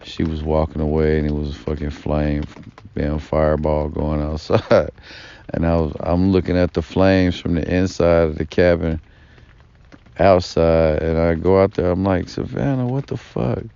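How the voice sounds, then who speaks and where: A man's voice: very deep voice, level tone, normal speed, gravelly, warm tone, clean tone. A man telling a long personal story in a rambling, profane vlog monologue, full of fillers and asides. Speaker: vlogger. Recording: dull lo-fi recording.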